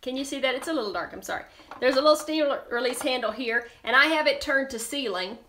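High-voiced bubbly woman cooking live. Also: expressive, quick pace, bright, forceful tone, roomy sound, slight background noise. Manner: chatty and bubbly, talks to viewers. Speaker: cooking show host.

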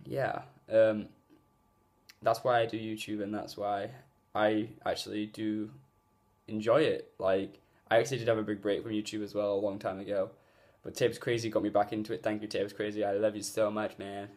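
Gaming vlogger, male, lowish voice, loose filler-heavy rambling, phone-recorded. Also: little pitch movement, moderate pace, darkish tone. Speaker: gaming YouTuber. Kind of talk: casual vlog talk. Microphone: phone mic.

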